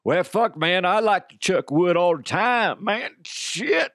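A boastful, foul-mouthed woodchuck, put on by a man in a raised, cartoonish voice. The pitch leaps and dips wildly. The sound is close and dry, with no room in it. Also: animated, slow pace, fairly bright tone, no room sound, exaggerated voice. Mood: crude boasting. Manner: crude, boastful, swearing. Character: crude brash male woodchuck, boastful.

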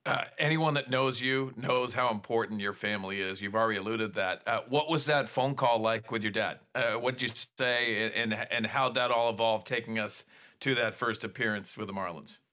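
Bright-voiced male co-host. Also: medium pitch, normal speed. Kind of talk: interview questions.

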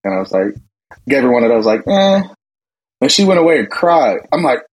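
A man talking as a podcast guest, telling relaxed stories full of restarts and laughs. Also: medium pitch, quick pace, husky, low-quality recording. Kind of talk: casual conversation.

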